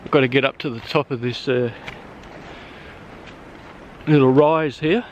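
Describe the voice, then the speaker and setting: A man vlogging casually while hiking outdoors, out of breath, talking in a relaxed, hesitant way with many fillers. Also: medium pitch, unhurried, dull audio. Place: outdoors on a wooded trail. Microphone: handheld camera mic. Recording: wind noise on camera mic.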